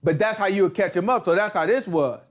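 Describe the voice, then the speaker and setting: A man teaching a casual Bible study, explaining the text in slangy, animated talk and acting out bits of street dialogue. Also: high-pitched, fast talker.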